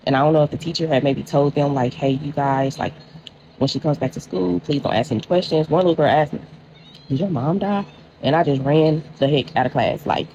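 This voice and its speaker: A woman's voice: very deep voice, dull audio, noisy background. A young woman telling a personal storytime casually, talking straight to viewers with lots of filler words. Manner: chatty, addresses viewers as y'all, many likes.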